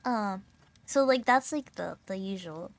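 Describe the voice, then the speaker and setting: A woman's voice: mid-range voice, expressive, measured pace, gravelly. A young adult woman VTuber streamer in casual chat, bubbly and giggly with lots of filler words, her throat a little sore and strained.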